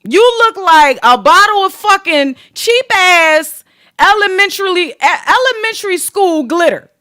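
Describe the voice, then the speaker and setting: Sassy high-voiced woman podcast host. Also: a little slow, dry recording, clean studio sound. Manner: sassy, profane, animated gossip. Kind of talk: casual commentary podcast.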